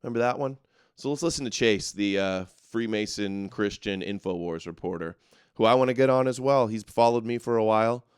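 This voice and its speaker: A man's voice: on the low side, clean tone, no echo, clean studio sound. A man hosting a live commentary show, reacting to clips in a mocking, sarcastic way. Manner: mocking, sarcastic, quick asides. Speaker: show host.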